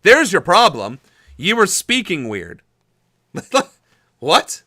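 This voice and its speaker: A man's voice: high-pitched, wildly swooping pitch, takes it slowly, bright, forceful tone, dry recording, studio quality. A young man hosting a political livestream, chatting casually and rambling with lots of fillers. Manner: chatty, rambling, laughs easily, many fillers. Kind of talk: casual live-stream chat reading chat messages.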